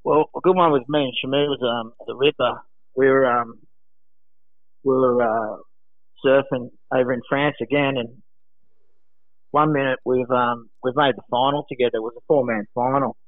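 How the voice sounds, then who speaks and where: A man, a former pro surfer, telling animated anecdotes in casual chat, acting out voices and laughing often. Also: medium pitch, normal speed, no room sound. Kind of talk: casual storytelling. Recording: dry, phone-like narrow sound.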